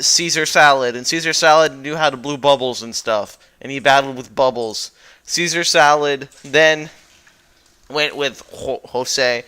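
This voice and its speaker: Young male YouTuber, casual and goofy, smooth voice, rambling recap style. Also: medium pitch, pushed and bright. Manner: rambling and goofy, with lots of fillers and self-corrections. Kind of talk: casual recap over a slideshow.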